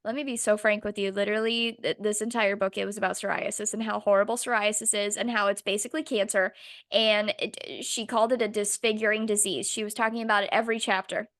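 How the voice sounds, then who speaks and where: A young woman co-hosting a podcast, ranting sarcastically in a casual, animated chat with some swearing. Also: mid-range voice, fast talker. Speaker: podcast co-host.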